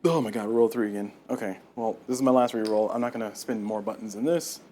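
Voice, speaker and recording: A man playing a solo board game live on stream, talking through each move and getting loudly exasperated over bad dice rolls. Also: on the low side, steady tone, fast, slight background noise.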